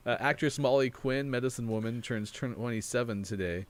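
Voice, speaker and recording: A man's voice: mid-range voice, normal speed. A man hosting a gaming morning show, chatting casually and rambling with laughs. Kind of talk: casual chat. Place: studio.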